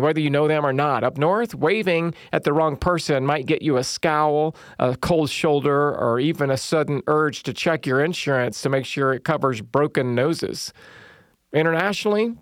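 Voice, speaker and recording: A middle-aged man preaches a sermon, telling funny stories from his small-town life before turning to faith. His voice sits a little high for a man, and the sound is dry and close with no room around it. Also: dry recording. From Southern United States. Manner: humorous storytelling, lively quoted voices. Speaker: pastor.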